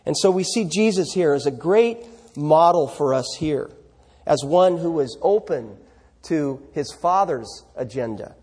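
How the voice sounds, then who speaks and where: Male pastor, high and a little breathy, chatty sermon delivery with rhetorical questions. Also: lively intonation, a little slow, a little mellow, big-room sound. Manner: conversational preaching, rhetorical questions to the congregation.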